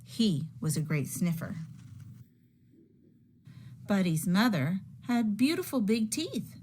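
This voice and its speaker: A woman teacher reading a picture book aloud to children in a slow, expressive storytelling manner. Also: medium pitch, a little hiss or hum.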